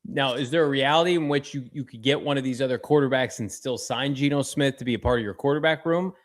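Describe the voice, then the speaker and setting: Guy cohosting a sports show, jokey and animated, voice jumps up a lot, mid pitch. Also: quick pace. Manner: animated, joking, lively pitch swings. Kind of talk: casual sports talk.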